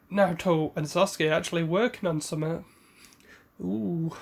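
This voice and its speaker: A man's voice: on the high side, creaky. Man casually retelling a fan story. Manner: rambling, self-correcting.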